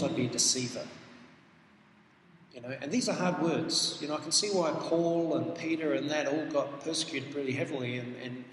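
A man's voice: mid-range voice, fairly bright tone. A man preaching a sermon, earnest and emphatic, reading scripture aloud and explaining it. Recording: echoey hall with faint noise.

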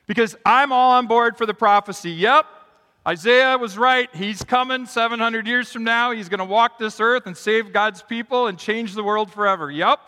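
Animated male pastor in a reverberant hall. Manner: animated preaching, acting out quotes with big swings in pitch and volume. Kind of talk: sermon. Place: church sanctuary.

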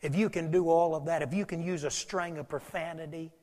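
A man's voice: a little high, steady tone, brisk. Preaching man with hall reverb. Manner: swings from loud preaching to hushed whispers. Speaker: pastor. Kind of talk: sermon.

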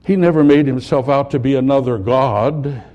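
A man preaching a sermon, dramatically swinging between loud, emphatic lines and hushed, low ones. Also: moderate pace, highs cut off.

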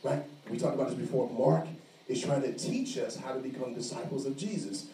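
A man preaching an animated sermon, acting out the voices of the people in his story. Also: mid-range voice, brisk. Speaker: pastor. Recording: echoey room, mic at a distance.

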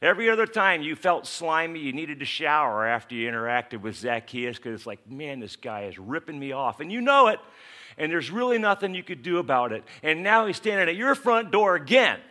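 A man preaching from the pulpit with a bright, forward voice. He tells a Bible story with lively storytelling and slips into the voices of its characters. His talk is casual and direct, a pastor speaking to his congregation. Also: on the high side, brisk. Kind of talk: sermon.

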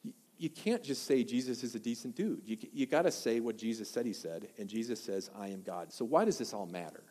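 Storytelling pastor in an echoing hall. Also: male voice, mid-range voice, fairly quick, husky. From Wisconsin. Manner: animated storyteller, asks the audience questions. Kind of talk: sermon.

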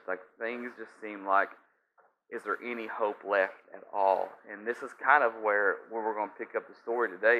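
A man's voice: lowish voice, bright, forceful tone, a little hiss or hum. A man preaching a sermon, emphatic, often restarting and repeating key phrases. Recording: slightly dull lo-fi sound.

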